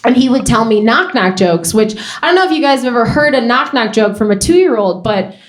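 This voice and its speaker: Young female stand-up comic, animated storyteller, roomy club mic. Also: fairly high pitch. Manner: animated storytelling, quick asides. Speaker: stand-up comedian. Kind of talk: stand-up set. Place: comedy club stage. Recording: roomy club with faint noise.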